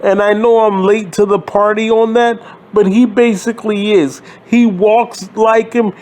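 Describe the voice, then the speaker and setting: High-voiced man ranting, slow and profane. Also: fairly even intonation, darkish tone. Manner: exasperated, swearing, sarcastic. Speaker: wrestling commentary channel host. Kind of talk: profane wrestling rant.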